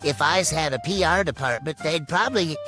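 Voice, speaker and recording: A man's voice: a little high, fairly quick, music in the background, close to an everyday voice. A man voicing a wisecracking male raccoon lawyer who trades dry, sarcastic quips about the law. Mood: sardonic. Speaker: legal commentator.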